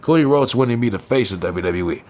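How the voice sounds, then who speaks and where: A young man gives a blunt, profanity-heavy recap of a wrestling show, often throwing in "you know what I'm saying." His mid-range voice is a little mellow and a little fast, with lively intonation.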